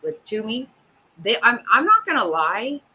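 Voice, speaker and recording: Brief: middle-aged woman host, bright voice, swearing, exasperated casual chat. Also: on the high side, wildly swooping pitch, normal speed, husky, low-quality recording. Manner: profane, exasperated, laughing often.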